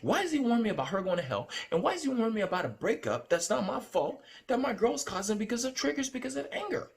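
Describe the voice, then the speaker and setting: A man vlogging as he recounts a dream, talking in a rambling, excitable way with many fillers and restarts. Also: very high-pitched, gravelly. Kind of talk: casual storytelling to camera.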